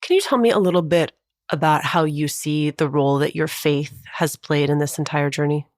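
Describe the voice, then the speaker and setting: A woman podcast host asking interview questions in a measured, thoughtful way. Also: low-pitched, dry recording, clean studio sound.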